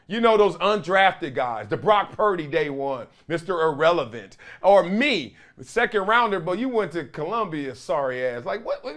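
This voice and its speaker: Male host, middle-aged, animated storyteller who acts out quotes, high and lively voice. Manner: storytelling with acted-out quotes of teammates. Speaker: show host. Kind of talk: animated commentary monologue.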